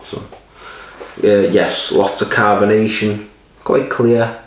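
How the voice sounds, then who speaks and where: A man's voice: fairly low pitch, normal speed. A man rambling casually and swearing while reviewing a beer, a little sleepy. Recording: roomy echo, mic at a distance.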